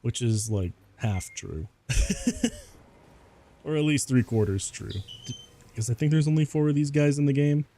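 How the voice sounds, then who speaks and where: A man's voice: medium pitch, sing-song, unhurried, pauses often, dark tone, slight background noise. A man giving casual gameplay commentary as a VTuber, rambling and laughing often at himself.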